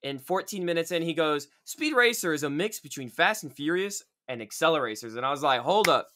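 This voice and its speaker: Male podcast host, bright tone, chatty and animated. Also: on the high side. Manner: animated, chatty, quick to laugh. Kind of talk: casual podcast interview.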